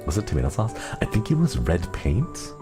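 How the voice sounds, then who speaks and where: Male streamer, very low voice, unhurried, tender and giggly, music under him. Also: wildly swooping pitch. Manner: tender, giggly, easily moved. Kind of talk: casual live-stream chat. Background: soft background music.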